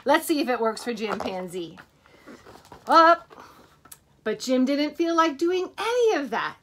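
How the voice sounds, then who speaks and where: A woman teacher reading a picture book to children in an animated way, stopping to ask them questions. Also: on the high side, measured pace.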